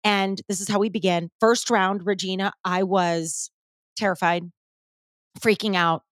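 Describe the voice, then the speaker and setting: A woman host spins a story for her listeners in an easy, animated chat, dropping the odd swear along the way. Her voice sits in the middle of the female range. The sound is close and dry, with no room behind it. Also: mid-range voice, unhurried, no echo. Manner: animated, swears freely, addresses listeners as guys. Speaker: podcast host.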